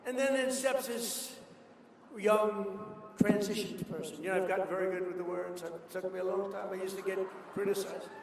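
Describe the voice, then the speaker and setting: Older guy rambling at a rally, boasty stories, boomy hall, far mic, noisy. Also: normal speed, vocal fry. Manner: rambling, boastful storytelling with asides. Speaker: politician giving a speech. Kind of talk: rally speech. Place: large hall at a college. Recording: echoey hall, distant PA mic, noise.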